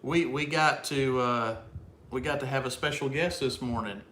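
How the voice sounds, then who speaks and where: A man's voice: mid-range voice, moderate pace, a bit bright. An easygoing man co-host who chats casually and chuckles as he rambles through a story. His voice bounces around an echoey room with a faint hiss under it. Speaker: homestead channel co-host. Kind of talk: casual chat.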